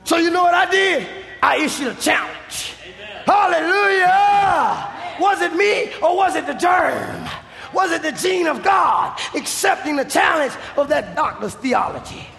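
Male preacher, very high and gravelly, shouting sermon, echoey church hall. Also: big pitch swings, moderate pace, a faint crowd. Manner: shouting, emphatic, acts out dialogue. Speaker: evangelist preacher.

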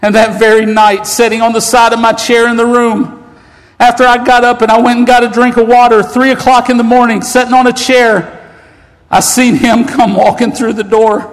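A man preaching an emotional sermon in a church, fervent and rising to shouts. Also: very high voice, level tone, normal speed. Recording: long hall reverb.

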